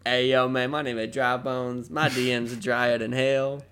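A man's voice: mid-range voice, flat delivery, moderate pace, fairly bright tone, clear, resonant tone, natural voice. A man voicing a young male skeleton who talks like a laid-back, slangy bro. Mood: bro-ish.

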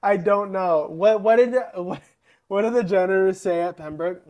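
Young podcast co-host, animated storyteller. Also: medium pitch, moderate pace. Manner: animated storyteller, acts out quoted people. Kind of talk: casual chat.

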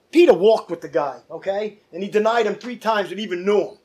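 A man's voice: high voice, expressive, quick pace, hardly any pauses, a little mellow. A man preaching a fervent sermon as pastor, calling out to his congregation. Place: church.

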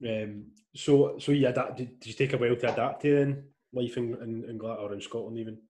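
Fast-talking male interviewer. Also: mid-range voice, fairly even intonation, darkish tone. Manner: rambling, chatty questions with fillers. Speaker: podcast host, interviewer. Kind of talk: casual interview chat.

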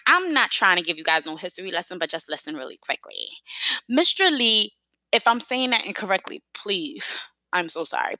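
A woman's voice: mid-range voice, pushed and bright, no room sound, poor audio. A woman with a New York accent talking casually and emphatically to her viewers, often repeating herself. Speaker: vlogger. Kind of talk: casual talk to camera.

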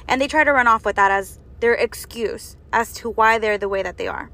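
A woman's voice: fairly high pitch, brisk, few pauses, bright, forceful tone. A woman giving an earnest faith and health talk, exhorting her listeners with strings of rhetorical questions. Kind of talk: preaching monologue.

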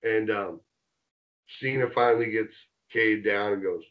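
A man telling a rowdy road story in a casual interview, animated and swearing as he acts out the quotes. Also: fairly low pitch, unhurried, narrow, tinny audio. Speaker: interview guest, former wrestler.

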